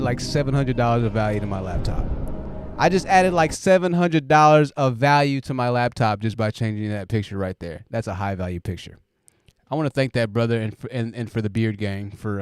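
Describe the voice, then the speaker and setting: A man's voice: on the low side, no room sound, studio quality. A man hosting a casual live stream, joking and rambling and laughing often.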